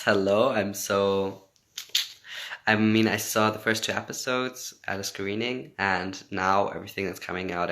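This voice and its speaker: A man's voice: deep voice, sharp tone. A man whose first language is English, chatting casually on a phone livestream, reading out and answering fan comments, laughing often and switching between English and German.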